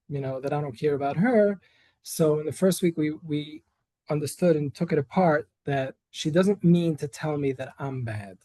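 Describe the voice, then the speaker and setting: Man, earnest workshop leader, fairly high voice, mellow and dry, restarts phrases as he explains. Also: no room sound, poor audio. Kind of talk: Torah workshop lecture. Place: study hall with online attendees.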